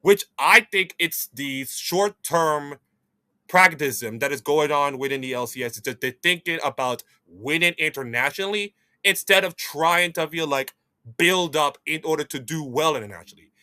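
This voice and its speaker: A man hosting an esports news show, giving opinionated commentary in a rambling, animated way with frequent restarts. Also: on the high side, moderate pace, no echo.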